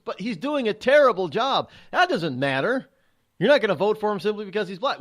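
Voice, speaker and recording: A man's voice: high voice, brisk. A middle-aged man hosting a talk show, delivering an opinionated, sarcastic monologue and acting out the voices of others. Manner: animated, sarcastic, acts out quoted voices. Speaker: radio talk show host.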